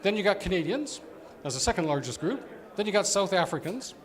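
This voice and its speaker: A man's voice: high-pitched, very animated, a little fast. A man giving a conversational conference presentation as an operations executive, explaining with fillers.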